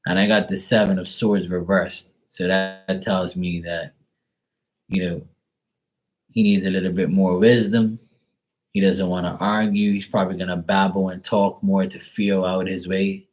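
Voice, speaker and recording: Blunt low-voiced tarot reader. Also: male voice, little pitch movement, moderate pace, darkish tone. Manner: blunt, profane, rambling storyteller. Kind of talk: casual live stream chat.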